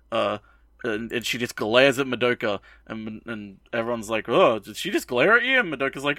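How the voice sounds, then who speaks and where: Bright, dry-voiced young man recapping an anime. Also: mid-range voice, expressive, no room sound. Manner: rambling, profane, with quick snippets of mock dialogue. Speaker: podcast co-host. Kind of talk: casual commentary recapping an anime episode.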